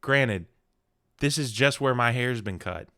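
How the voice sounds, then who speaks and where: A man with a mid-pitched voice trades comic stories on a podcast, keeping the energy high and jumping into overdone voices for the people he describes. The sound is dry and close, with no room around him. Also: unhurried, no echo. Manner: animated storyteller, jumps into exaggerated voices for people in his stories. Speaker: podcast co-host. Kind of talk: casual comedic chat.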